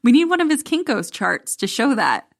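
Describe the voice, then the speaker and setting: Lively, snarky woman podcast co-host. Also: a little high, normal speed, creaky. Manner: snarky, expressive banter. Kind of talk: casual recap chat.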